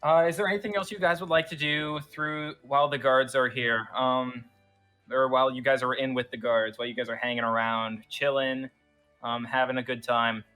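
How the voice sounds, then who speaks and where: A man's voice: mid-range voice, normal speed, clean tone, faint music behind. A young man running a tabletop game as dungeon master, narrating loosely with lots of ums. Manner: relaxed, filler-heavy narration.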